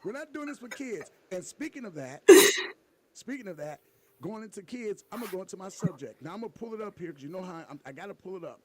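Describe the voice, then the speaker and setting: Man with a fairly high voice, podcast co-host, animated storytelling, casual comedic chat. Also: quick pace. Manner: animated storyteller, loud bursts and laughter.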